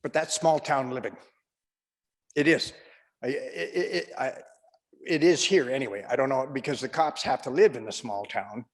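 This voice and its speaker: A male comedian tells a rambling stand-up anecdote at an easygoing storyteller's pace. His voice sits in a middle pitch. The recording has a long, lingering reverb. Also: moderate pace.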